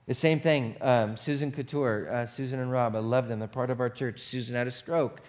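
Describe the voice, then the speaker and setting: A man's voice: mid-range voice, fairly even intonation, brisk, a little mellow. A middle-aged male pastor preaching a sermon in a casual, storytelling way, joking about himself and acting out the people he quotes. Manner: storytelling, conversational and self-deprecating, acts out quoted voices.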